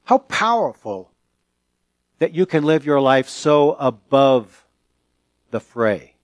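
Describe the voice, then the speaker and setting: A male pastor preaching a sermon, slow and deliberate, with pauses and rising emphasis. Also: medium pitch, big pitch swings, no room sound.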